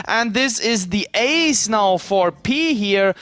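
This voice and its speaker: A man calling play-by-play in a live esports match, excitable and swooping with the action. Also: sits high, slow, few pauses, slight background noise.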